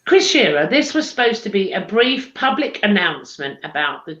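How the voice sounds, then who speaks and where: A woman's voice: mid-range voice, sing-song, moderate pace, a bit bright. A woman co-hosting a casual live chat show, chatty and teasing, laughing often. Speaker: co-host. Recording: echoey room, dull lo-fi stream audio.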